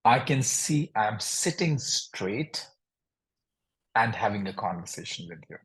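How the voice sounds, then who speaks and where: A man's voice: lowish voice, big pitch swings, unhurried, fairly bright tone, rough recording. A man hosting a podcast, asking earnest, thoughtful questions in a conversational interview. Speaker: podcast host.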